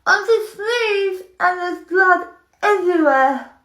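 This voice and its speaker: A woman's voice: very high voice, animated, takes it slowly, bright, forceful tone, exaggerated voice. A woman playing a defensive young nursery nurse, protesting and laughing nervously. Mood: indignant. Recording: roomy echo, faint noise.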